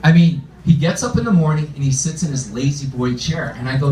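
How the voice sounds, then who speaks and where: On a club stage, a man performs stand-up, spinning self-deprecating stories conversationally in a fairly high voice, brisk and with few pauses. The off-mic recording has a roomy club sound, and a loud audience laughs and shouts throughout.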